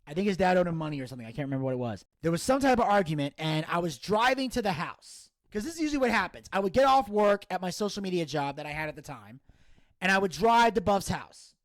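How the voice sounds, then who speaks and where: A man's voice: sits high, fast, dry recording. A man co-hosting a casual podcast, telling stories with energy, acting out what people said and swearing freely. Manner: animated storyteller acting out quotes, swearing freely. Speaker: podcast co-host.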